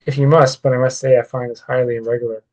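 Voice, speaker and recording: A man's voice: medium pitch, flat delivery, fast, darkish tone, no room sound, natural voice, low-quality recording. A man reading as a stern, commanding older man. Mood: indignant. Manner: formal, commanding old-fashioned speech. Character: stern proud older man, a vampire's brother.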